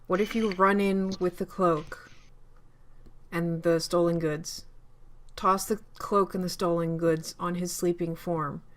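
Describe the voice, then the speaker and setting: A woman's voice: lowish voice, little pitch movement, slow. A woman playing a tabletop game, laying out a scheme step by step. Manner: scheming, spelling out plans step by step. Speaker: player.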